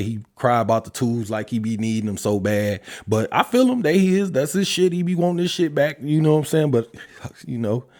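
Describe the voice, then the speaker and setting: Blunt, cursing man holding forth. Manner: blunt, heavy cursing, animated swings in pitch. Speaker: podcast host. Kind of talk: casual commentary. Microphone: podcast mic.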